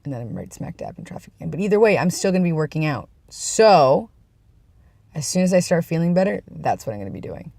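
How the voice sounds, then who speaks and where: A man's voice: fairly high pitch, big pitch swings, fast talker, creaky, warm tone, dry recording, clean studio sound. A young man vlogging in a casual, rambling way, with self-deprecating asides, talking from his workplace. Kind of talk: casual chat.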